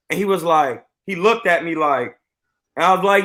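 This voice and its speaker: A boxing coach telling a story on a live stream in an animated, boastful way. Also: male voice, a little high, normal speed.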